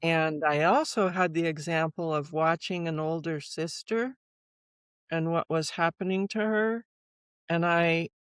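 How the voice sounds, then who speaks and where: Woman in her 60s talking slow and thoughtful in an interview, smooth clear voice, dry close sound. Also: low-pitched, dry recording. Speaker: guest author. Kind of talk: reflective interview conversation.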